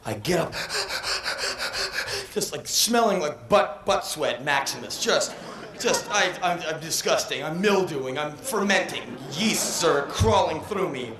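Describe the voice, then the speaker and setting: A man in his thirties performing a comedic spoken word monologue on stage, breathless and swinging from deadpan to yelling. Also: a little high, measured pace, a crowd in the background. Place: live stage. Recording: echoey live venue on old VHS.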